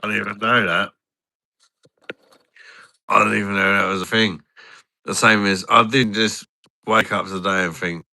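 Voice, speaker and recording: A man's voice: fairly low pitch, fairly even intonation, moderate pace, creaky, pauses often, bright, forceful tone, dry recording. A man chatting casually and a bit tipsy, rambling, swearing and laughing often. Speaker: channel host.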